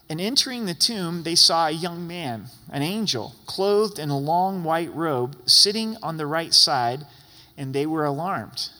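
A middle-aged male pastor preaches with earnest force and bursts into loud exclamations now and then. His voice is bright and sits a little high for a man. A long reverb hangs after each phrase. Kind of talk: sermon.

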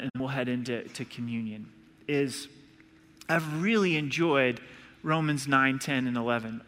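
Male pastor, earnest sermon delivery, bright tone, reverberant hall sound. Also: on the high side. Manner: earnest, acts out voices in illustrations.

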